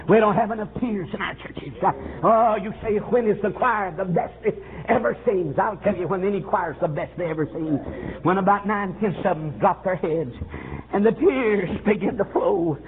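A man preaching a revival sermon, fervent and swooping, with frequent "uh"s and bursts of shouting. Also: sits high. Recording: tinny phone-like old recording with faint hiss.

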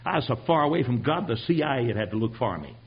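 An older man preaching his own testimony, telling it dramatically and swinging from hushed tones to shouting. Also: mid-range voice, big pitch swings, fast talker, slightly rough, muffled recording. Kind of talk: sermon testimony.

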